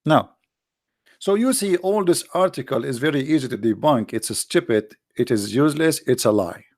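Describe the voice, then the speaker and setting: Sarcastic livestream guy, arabic-accented english, gravelly voice, dry close mic. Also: mid-range voice, lively intonation, normal speed, a little mellow, no echo. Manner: sarcastic, mocking. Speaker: livestream host. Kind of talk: casual commentary.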